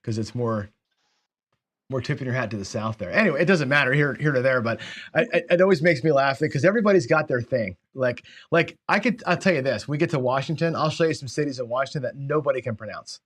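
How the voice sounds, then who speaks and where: A man hosting a casual online interview, chatty and quick to laugh, often repeating his words. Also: mid-range voice. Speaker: show host. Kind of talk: casual video call interview.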